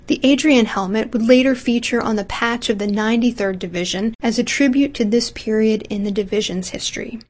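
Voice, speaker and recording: A woman reading a scripted history narration in an even, measured way. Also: on the high side.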